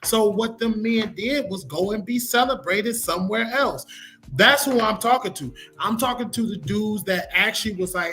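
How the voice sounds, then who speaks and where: A man's voice: sits high, moderate pace, bright, forceful tone. A man co-hosting a podcast, making emphatic, preachy points in casual debate and repeating them for effect. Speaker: podcast co-host.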